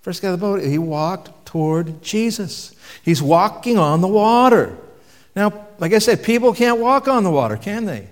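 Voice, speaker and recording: A man's voice: high voice, big pitch swings, moderate pace. A man preaching a sermon in a conversational way, asking the audience questions and dropping his voice for emphasis. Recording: long reverb from a hall.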